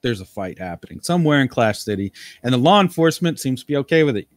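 A man narrating a tabletop game as game master, casual and quick, with swearing. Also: mid-range voice, sing-song, no room sound.

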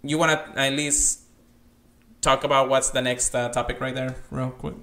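Male podcast co-host, bright timbre, casual and rambling, filler-heavy. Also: mid-range voice, normal speed, slight background noise. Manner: chatty, rambling, many fillers and restarts; reads text aloud in a flat, careful way.

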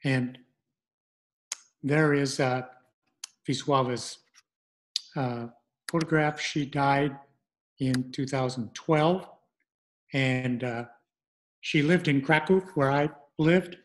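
A middle-aged man presenting an online language lesson, speaking haltingly with many fillers and restarts. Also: medium pitch, a little hiss or hum.

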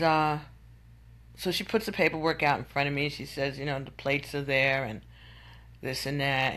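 Woman vlogger, venting monologue, exasperated and incredulous, bright forceful tone. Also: sits low.

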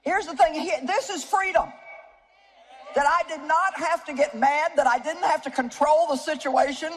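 A woman's voice: high-pitched, normal speed, a little hiss or hum. A woman in her seventies from Missouri preaching a sermon to a live audience, telling homey stories with humor and chatty asides to the crowd. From Missouri, United States. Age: 70s. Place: stage before an audience.

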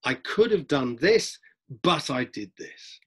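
A middle-aged man, a drama teacher, lecturing students in a lively way and acting out examples as he goes. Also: a little high, takes it slowly, slightly rough. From London, England. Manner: lively, acts out examples, frequent restarts. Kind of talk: lecture-style talk to students.

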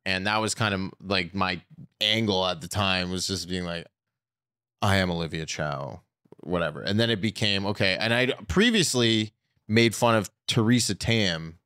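A man's voice: low voice, moderate pace, bright, forceful tone, clear, resonant tone, dry recording, clean studio sound. A comedian guest on a podcast, a man chatting candidly in long, rambling anecdotes full of fillers. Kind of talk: casual podcast chat.

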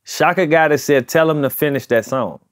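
A man's voice: fairly high pitch, fairly quick. A man with a St. Louis accent, talking as a rapper guest in a casual interview, emphatic and repeating himself, with loose slang. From St. Louis, USA.

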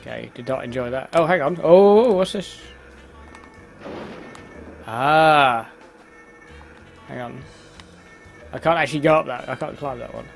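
A man's voice: medium pitch, a little slow, vocal fry, long pauses, soft background music. A man giving casual, self-mocking commentary while playing a video game. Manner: chatty, exclaims at the game, laughs at himself. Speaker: let's play host.

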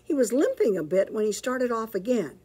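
A woman librarian reading a picture book aloud to children, with expressive, animated storytelling. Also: a little high, moderate pace, husky.

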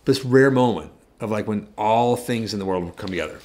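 A man who co-hosts a guitar shop channel, telling a story in casual chat. He rambles, jokes and makes quick asides. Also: on the low side, a little mellow.

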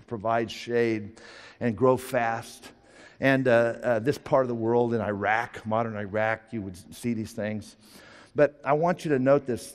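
A male pastor preaching a sermon, moving between chatty asides and forceful, rising emphasis. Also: medium pitch, long reverb tail.

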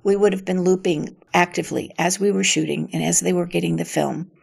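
An older actress in an interview, telling anecdotes in a reflective, storytelling way with a gravelly voice. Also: female voice, on the low side, steady tone, fairly quick.

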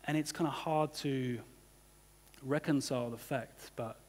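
A man's voice: mid-range voice, fairly even intonation, a little slow, a little mellow. A man preaching a sermon as pastor, talking in a loose conversational way full of "you know" and "kind of". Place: church hall. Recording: church hall reverb.

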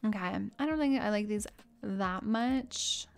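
A young woman chatting casually with her live-stream audience, bubbly and easily excited as she browses and talks. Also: medium pitch, unhurried, gravelly, clean tone, faint music behind.

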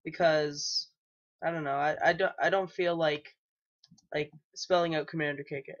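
This gaming YouTuber sounds like a young guy, maybe still a teen, with a fairly high, slightly bright voice that holds a steady tone at a moderate pace. His let's play chatter is loose and halting, full of ums and false starts, recorded on a dull lo-fi home mic.

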